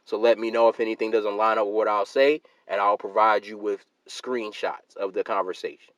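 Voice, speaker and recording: A man's voice: on the low side, flat delivery, fairly quick, a bit bright, dry recording, poor audio. Emphatic man ranting to his viewers. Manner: emphatic and argumentative, repeats points, calls listeners fam and sister. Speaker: YouTube channel host. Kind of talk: heated solo rant to camera.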